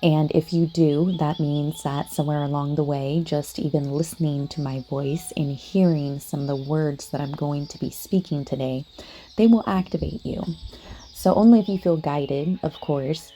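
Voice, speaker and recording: Female podcast host, low-pitched and mellow; casual, earnest talk aimed right at the listener. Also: fairly even intonation, normal speed, slight background noise. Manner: chatty, full of "like" and "you know what I mean"; earnest, addresses listeners directly. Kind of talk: casual spiritual monologue.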